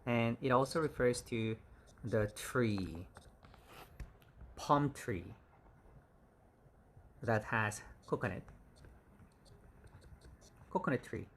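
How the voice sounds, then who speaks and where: A man teaching English vocabulary, saying each word slowly and repeating it several times. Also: medium pitch, slight background noise. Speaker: English instructor. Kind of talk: vocabulary lesson.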